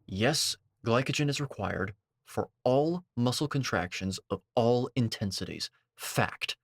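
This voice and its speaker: A man commenting on a video, lecturing and sarcastic, with sudden high-pitched outbursts. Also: expressive, unhurried, no echo, clean studio sound.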